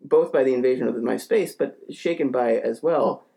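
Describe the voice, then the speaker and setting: A man's voice: normal speed, vocal fry. A man telling a story in casual talk, rambling with lots of fillers and restarts, and getting heated as he goes. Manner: acts out quotes in a shouting higher voice; grows heated and ranting. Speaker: podcast storyteller.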